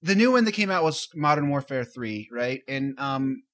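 A man's voice: medium pitch, animated, normal speed, a bit bright. A man co-hosting a casual gaming podcast over a cheap instrument mic, restarting sentences as he hunts for words. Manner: hesitant, searching for words. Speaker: podcast co-host. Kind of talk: casual chat.

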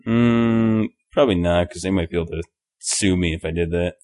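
Very deep-voiced man, short deadpan replies. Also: a little fast. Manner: short, hesitant, deadpan answers. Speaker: podcast co-host. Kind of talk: casual chat.

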